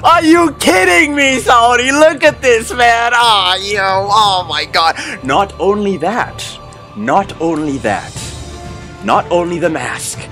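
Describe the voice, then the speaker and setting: High-voiced man gushing over an unboxing. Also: expressive, slow, sharp tone, soft background music. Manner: gushing, exclamatory, repeats thanks and exclamations. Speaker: unboxing host. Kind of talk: excited unboxing vlog.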